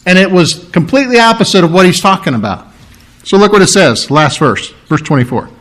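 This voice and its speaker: Animated, higher-voiced male preacher. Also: brisk. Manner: emphatic, animated preaching with dramatized quotes; clears throat often. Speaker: pastor. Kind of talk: sermon.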